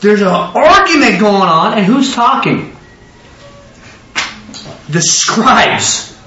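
High-voiced preacher quizzing his audience. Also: very animated, sharp tone, faint music behind. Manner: quizzes listeners with rapid questions. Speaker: Bible teacher. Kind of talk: interactive Bible study sermon. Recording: echoey dull room recording from far off.

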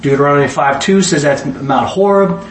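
Preacher guy, slightly high voice, chatty bible study, echoey room, mic far off. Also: moderate pace. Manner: conversational, asks the audience questions. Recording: echoey room, distant mic, faint background noise.

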